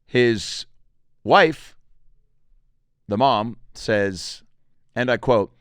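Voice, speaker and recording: A man's voice: mid-range voice, animated, very slow, a bit bright, smooth, dry recording, studio quality. A man hosting a podcast, riffing in a rambling, self-interrupting comic monologue. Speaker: podcast host and comedian. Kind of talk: casual comedic monologue.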